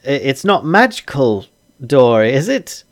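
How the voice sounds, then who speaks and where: A jittery halfling father from a tabletop game, stammering over his polite words, as a man puts him on. His voice is lifted well above a normal speaking pitch and sounds thin and anxious, fussing over his home and his manners. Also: big pitch swings, unhurried. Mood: fussy. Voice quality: stammering, fussy.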